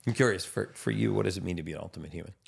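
Low, gravelly male podcast host. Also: racing. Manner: enthusiastic, repeats words when starting sentences. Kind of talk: casual interview chat. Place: home in Miami.

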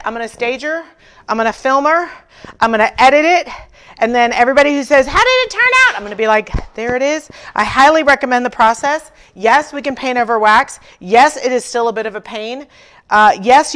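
Her high voice has a fairly bright tone as she hosts a furniture painting livestream. She chats casually with viewers, acting out dialogue in her stories and poking fun at herself.

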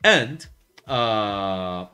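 A man's voice: on the low side, drawn-out words, smooth, faint music behind. A man chatting casually on a live art stream, rambling with lots of fillers and restarts and telling things in a wry way. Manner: wry, lively storytelling. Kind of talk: casual chat while drawing on stream.

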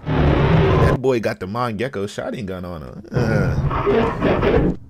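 A young man hosting a reaction video, hyped and shouting with casual slang. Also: on the low side, expressive, slow, heavy background noise. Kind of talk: excited reaction commentary.

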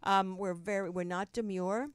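A woman's voice: mid-range voice, fairly even intonation, moderate pace, no echo. A woman from New Jersey with a Jersey accent, hosting a podcast in casual, rambling chat and laughing often. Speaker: podcast host. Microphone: studio mic.

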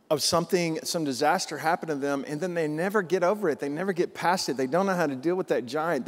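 A man's voice: a little high, long reverb tail. A man preaching a sermon as pastor, in a folksy, emphatic way full of rhetorical questions.

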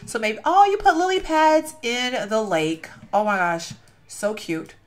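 A woman's voice: on the high side, a little slow. Young woman host, casual game commentary, gushing and rambling, easily sidetracked. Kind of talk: casual gameplay commentary and storytelling.

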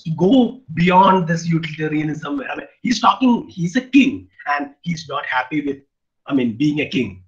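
Guy lecturing on a video call, halting, keeps repeating himself, muffled sound. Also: a little high. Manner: halting, restarts and repeats phrases while explaining. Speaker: guest lecturer on poetry. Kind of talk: online academic lecture.

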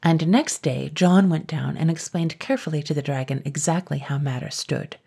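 A woman narrating a classic children's story in a calm, even storytelling manner. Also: deep voice, normal speed, vocal fry, breathy edge. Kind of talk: scripted narration.

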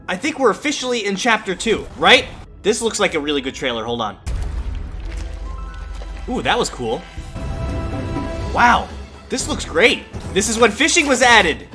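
A gaming YouTuber giving excited reaction commentary, chatty and reminiscing, bursting into shouts and exclamations. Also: mid-range voice.

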